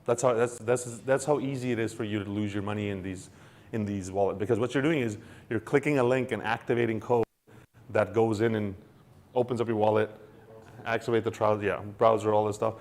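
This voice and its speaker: A man hosting a casual explainer, talking in an animated way with many restarts and acting out quoted lines. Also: on the low side, fairly quick. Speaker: co-host explaining crypto wallets.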